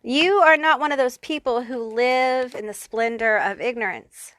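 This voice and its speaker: A woman's voice: fairly high pitch, normal speed, fairly bright tone, no echo. A woman giving a pick-a-card tarot reading, talking straight to the viewer in a blunt, profane, fired-up way. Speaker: tarot reader.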